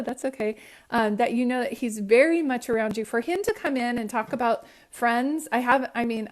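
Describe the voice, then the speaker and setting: A fairly high-voiced woman gives a psychic reading on a live stream, captured on a phone. She talks chattily and emotionally, often close to tears, and keeps asking whether her words make sense to the listeners. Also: fairly bright tone. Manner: emotional, near tears at times. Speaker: psychic medium. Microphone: phone livestream.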